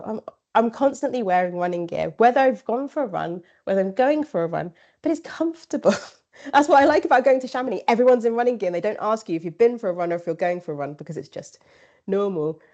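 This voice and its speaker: A woman's voice: on the high side, dark tone, lo-fi sound. A woman guest on a running podcast, chatting casually and acting out conversations she has had. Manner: chatty, acts out quoted exchanges, laughs often. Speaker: ultrarunner guest.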